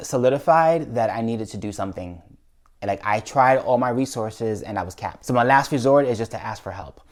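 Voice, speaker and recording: A YouTuber man earnestly telling a heartfelt personal story in a vlog, with frequent restarts. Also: mid-range voice.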